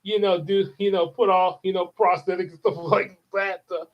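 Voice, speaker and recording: A man's voice: sits high, fairly even intonation, moderate pace. A man hosting a channel update, chatting casually and rambling with lots of fillers. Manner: rambling, many fillers and laughs. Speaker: channel host and actor. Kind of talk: casual chat. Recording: dull lo-fi sound.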